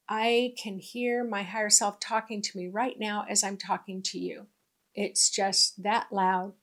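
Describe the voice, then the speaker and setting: A woman spiritual teacher talks through her lesson in an easy, conversational manner. She circles back and repeats key lines to drive them home. Her voice sits at a middle pitch. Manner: conversational, repeats points for emphasis. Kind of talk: casual spiritual teaching monologue.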